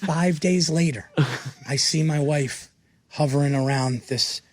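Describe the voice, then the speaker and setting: A man, a comedian guest on a radio show, telling a story with lots of laughter and excitement. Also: on the high side, unhurried, dry recording. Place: radio studio. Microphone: studio microphone.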